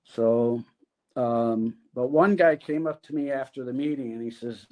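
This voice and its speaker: A man telling his recovery story as a podcast guest, candid and halting, with pauses. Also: mid-range voice, a little mellow.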